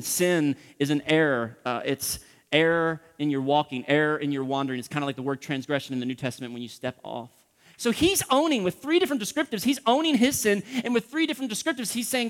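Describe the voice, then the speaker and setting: A man preaching a sermon as pastor, impassioned, acting out prayers and dropping from loud pleading to hushed whispers. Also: high voice, sing-song, a little fast, in a large hall.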